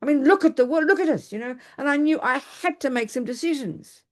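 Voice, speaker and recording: A woman's voice: sits high, fast talker. Older woman telling stories in a dharma talk. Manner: lively storytelling, self-mocking humor, frequent restarts. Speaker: Buddhist teacher. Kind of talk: dharma talk with personal anecdote.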